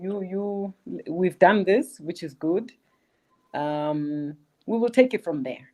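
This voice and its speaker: A woman moderating a call-in discussion, answering with brief, calm acknowledgements. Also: fairly low pitch, slow pace.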